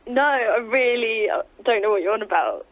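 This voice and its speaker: A man's voice: high voice, lively intonation, normal speed, dry recording. A man on a phone call, defensively denying everything and getting flustered. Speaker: prank call target. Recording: phone line.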